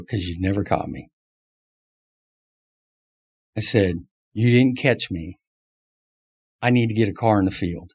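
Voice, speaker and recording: A man's voice: fairly low pitch, husky. A middle-aged man, a former racing team manager, telling stories in an interview and acting out the voices of people he quotes. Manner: acts out quotes with lively voice shifts. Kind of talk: animated storytelling interview.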